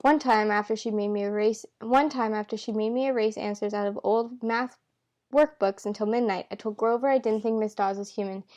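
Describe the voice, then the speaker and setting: A woman's voice: mid-range voice, steady tone, brisk, darkish tone. A woman reading a novel aloud in a casual, unpolished way, tripping over words and correcting herself, with the characters' lines in her own voice. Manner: stumbles and corrects herself with asides. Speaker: amateur reader.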